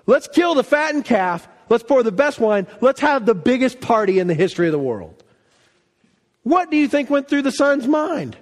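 A man preaching a sermon, telling a story with animated delivery and acting out quoted lines. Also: very high voice, normal speed, big-room sound. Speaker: pastor.

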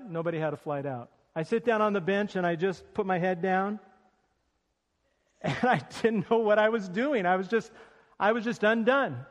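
A man's voice: high-pitched, measured pace, in a large hall. A man preaching a sermon as pastor, telling a story about himself with self-deprecating humor before reading scripture.

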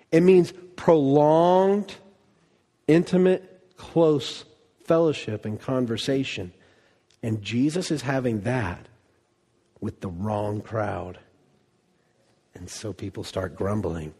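A man preaching a sermon as pastor, animated, acting out quoted voices and dropping from loud bursts to hushed lines. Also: medium pitch, takes it slowly, pauses often, breathy edge. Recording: long reverb of a large hall.

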